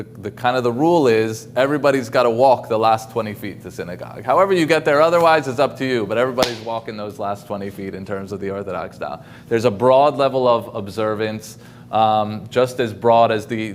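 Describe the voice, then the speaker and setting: Speaking a little fast in a lowish voice, a male guest speaker gives an informal lecture over a video call, peppered with ums and restarts. Slight background noise can be heard.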